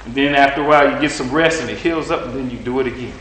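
A male preacher giving a sermon while lifting weights, telling a story in an animated way and straining with the effort. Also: mid-range voice, very fast, reverberant, a little hiss or hum, poor audio. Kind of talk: sermon with a live weightlifting demonstration.

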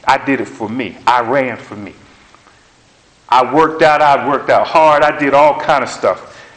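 A man's voice: medium pitch, a little slow, a bit bright. A man preaching a sermon with an emphatic, repetitive cadence, hammering home short phrases. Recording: roomy echo.

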